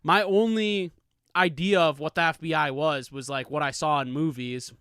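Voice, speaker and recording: A man's voice: fairly high pitch, fairly even intonation, moderate pace, a bit bright, smooth, no room sound. A man in his thirties hosting a casual solo podcast, rambling and swearing freely in a laid-back way on a studio microphone. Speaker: podcast host. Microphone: studio microphone with pop filter.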